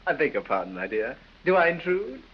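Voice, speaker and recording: An actor playing a silly, foppish English aristocrat dandy who drawls, giggles and dithers, in 1930s film acting. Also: male voice, fairly high pitch, sing-song, a little fast. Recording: dull old film soundtrack with hiss.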